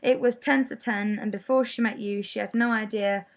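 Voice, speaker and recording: A woman giving a spoken-word reading of her own writing in the second person, with a dry, deadpan, cutting delivery. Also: mid-range voice, normal speed, low-quality recording.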